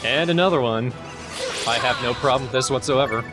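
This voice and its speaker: A man's voice: medium pitch, fairly quick. A man hosting a let's play, cracking jokes and explaining what happened in the game. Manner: wisecracking, deadpan jokes, explains mechanics. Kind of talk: casual gameplay commentary. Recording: game music in background.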